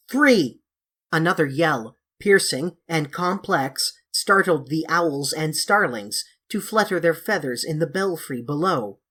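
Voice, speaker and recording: A woman reading a classic children's novel aloud in a measured, expressive storybook narration. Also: deep voice, slightly rough. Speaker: audiobook reader.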